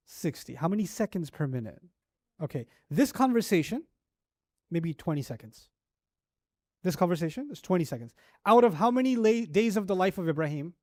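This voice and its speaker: A man giving a sermon-style lecture on scripture. He tells the story in an animated way, with rhetorical questions and casual fillers like "like" and "you know". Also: high-pitched, no echo, clean studio sound. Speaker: Quran teacher.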